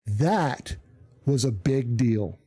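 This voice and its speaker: A man casually telling a profane story on a live stream, animated and acting out the voices of people he quotes. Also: medium pitch, very slow, husky.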